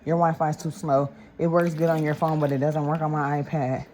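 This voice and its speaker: A woman's voice: sits low, flat delivery, a little fast, a little mellow, lightly acted. A woman mimicking a whiny, sassy young girl who complains to her mother.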